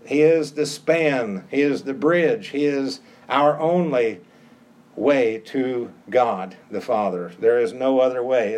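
A man's voice: on the high side, a little mellow. A middle-aged pastor delivers a sermon in a slightly raised voice. He drives home each point by repeating short phrases with emphasis.

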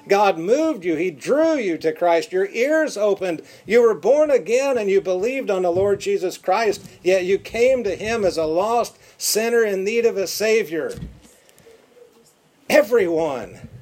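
A man preaching a sermon, emphatic and repeating words for stress, dropping to quiet, drawn-out phrases. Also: sits high.

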